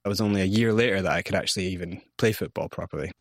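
A man with a Scottish accent, a guest telling his life story candidly, growing animated as he recalls. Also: deep voice, racing, creaky, dry recording, studio quality. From South Africa and Scotland. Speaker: interview guest. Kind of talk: personal storytelling.

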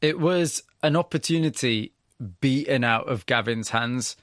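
Measured male radio host, dry studio sound. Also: mid-range voice, fairly bright tone, no echo. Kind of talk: radio documentary interview.

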